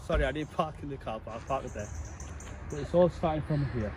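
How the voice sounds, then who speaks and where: A man's voice: fairly high pitch, fairly quick, darkish tone, slight background noise. A man, talking casually to his viewers while walking outdoors on a hillside. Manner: chatty, talks straight to viewers. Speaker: travel vlogger.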